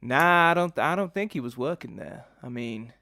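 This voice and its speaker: A man's voice: mid-range voice, expressive, moderate pace, gravelly, sharp tone, no echo, clean studio sound. A man putting on a hammy Southern American drawl. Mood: theatrical. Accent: put-on Southern American. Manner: rambling, over-theatrical stage delivery.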